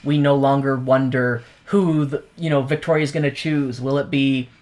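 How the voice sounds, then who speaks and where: This is a casual podcast co-host who retells a film scene by scene. The delivery is animated and salted with curses, and the speaker drops into brief quoted voices before snapping back to plain chat. The pitch sits in a middling range. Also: normal speed.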